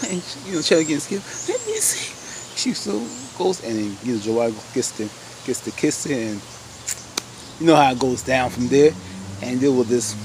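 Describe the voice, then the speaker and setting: A man casually recapping a TV episode, animated, exclaiming and laughing as he retells the scenes. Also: mid-range voice, a little hiss or hum. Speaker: TV episode reviewer.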